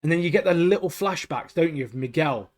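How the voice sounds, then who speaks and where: A man's voice: on the high side, a little fast. Chatty man saying "mate" constantly. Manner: enthusiastic, peppers talk with "mate" and "like". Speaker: podcast co-host. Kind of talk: casual chat.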